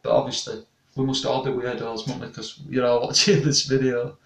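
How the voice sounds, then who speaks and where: A man's voice: mid-range voice, little pitch movement, moderate pace, gravelly, a bit bright. A young man, a paranormal investigator chatting casually with viewers and reading comments, rambling and restarting often. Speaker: paranormal investigator and channel host. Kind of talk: casual live-stream chat reading comments. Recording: echoey room, distant mic.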